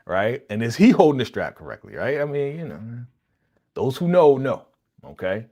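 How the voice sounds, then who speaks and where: A young man hosting a live reaction stream, talking casually and excitedly with slang and lots of laughter. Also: mid-range voice, moderate pace. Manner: animated, laughing, slangy, recaps with quoted lines.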